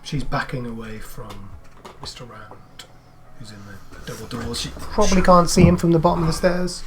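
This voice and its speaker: A man narrating as game master in a tabletop role-playing game, describing the scene in quick, plain words. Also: mid-range voice, a crowd in the background.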